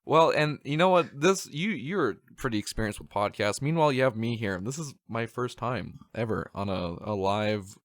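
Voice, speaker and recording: A seventeen-year-old young man from Canada co-hosting a casual podcast, joking, excitable and quick to laugh. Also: mid-range voice, no echo, studio quality. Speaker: podcast co-host, Twitch streamer. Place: home studio.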